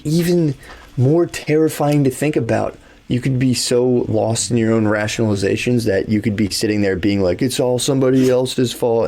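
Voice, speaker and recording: A man's voice: fairly low pitch, warm tone. A man co-hosting a podcast, telling stories in a rambling, casual way with lots of swearing and filler words. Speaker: podcast co-host. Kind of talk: casual conversational storytelling.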